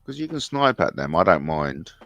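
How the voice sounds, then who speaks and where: A man's voice: low voice, very animated, moderate pace, fairly bright tone, dry recording, dull audio. Man, chatty livestream host, blunt banter, dry close sound, faint music behind. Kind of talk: casual livestream chat.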